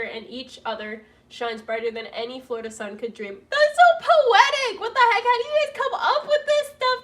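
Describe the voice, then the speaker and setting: A young woman with a high voice chats casually to her viewers, moving between soft gratitude and excited squeals. She sounds emotional and gushing, often laughing through tears. The mic sits a little away from her. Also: distant mic. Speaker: vlogger reading donation messages. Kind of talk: casual livestream chat. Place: home room with roof work banging.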